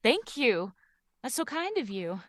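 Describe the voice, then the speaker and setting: A woman's voice: fairly high pitch, very animated, unhurried, a bit bright. A woman playing a character in a tabletop game, polite and gracious. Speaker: player.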